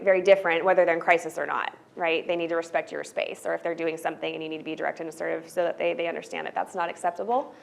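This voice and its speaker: A woman's voice: lowish voice, gravelly. Chatty woman leading a training session. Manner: conversational, often checks in with "right?"; loose, filler-heavy delivery with restarts. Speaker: workshop presenter. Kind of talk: college staff training talk.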